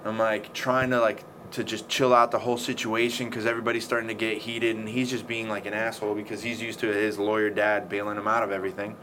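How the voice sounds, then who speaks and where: A man's voice: lowish voice, flat delivery, quick pace, hardly any pauses, a bit bright. A man telling a story in casual chat, swearing often and acting out the scenes. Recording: faint background noise.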